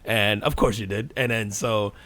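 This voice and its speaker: Animated man talking sports. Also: on the low side, normal speed, no room sound. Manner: animated, rambling, swears and says dude. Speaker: podcast co-host. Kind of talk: casual sports chat.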